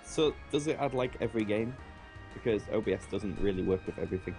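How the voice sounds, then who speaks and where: A man on a voice call with a streamer, modest and quick to laugh, mostly giving short agreeing replies. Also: fairly low pitch, darkish tone, soft background music. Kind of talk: casual voice-call chat.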